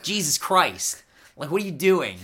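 A man hosting a podcast, ranting in a loud, excitable way, swearing a lot and laughing often. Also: fairly high pitch, measured pace, slightly rough. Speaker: podcast host. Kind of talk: casual podcast chat.

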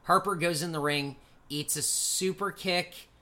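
A man in casual chat recaps a wrestling broadcast step by step, voice fairly high and bright. He rambles, drops "um" often and swears freely. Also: fairly even intonation, measured pace. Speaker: podcast co-host.

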